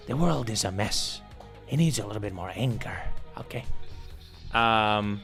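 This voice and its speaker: A man rants through his stream commentary, cursing freely in loud outbursts. His voice is bright and forceful. Faint music plays behind him. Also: lowish voice, lively intonation, a little slow, gravelly, husky. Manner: angry, swearing, loud outbursts. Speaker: streamer reacting to videos. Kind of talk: profane reaction commentary.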